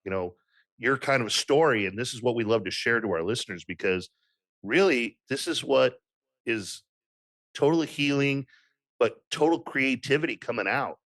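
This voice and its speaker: A man's voice: mid-range voice, moderate pace, a bit bright, no room sound, studio quality. A man co-hosting a podcast, asking encouraging questions in a casual interview chat. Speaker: podcast co-host.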